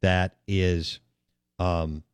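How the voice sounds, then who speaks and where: A man's voice: deep voice, level tone, extremely slow, clean tone, dry recording. A man hosting a radio sports talk show, chatting casually and rambling with plenty of ums and uhs.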